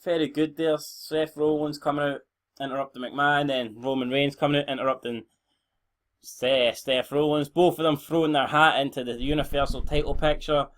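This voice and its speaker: A man's voice: a little high, steady tone, normal speed, fairly bright tone. A young Scottish man giving rambling, blunt, sweary commentary on a game he is playing. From Scotland. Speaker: gaming channel host.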